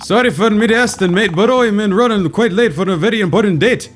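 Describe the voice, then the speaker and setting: A man's voice: sits high, lively intonation, brisk, bright, forceful tone, soft background music, pitched above the performer's own voice. A man voicing a pushy, cocky man with a badly faked British accent, full of slang.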